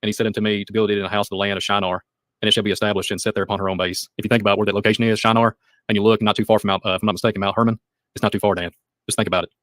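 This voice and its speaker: A man co-hosting a casual religious podcast, talking quickly and excitedly, with sarcastic asides and muttered trail-offs. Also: fairly low pitch, no echo. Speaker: podcast co-host.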